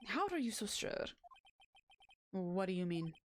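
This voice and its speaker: A woman's voice: mid-range voice, very animated, measured pace, slight background noise. A woman voicing a cold, aloof female film director, reading in a put-on foreign accent that keeps drifting. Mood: haughty.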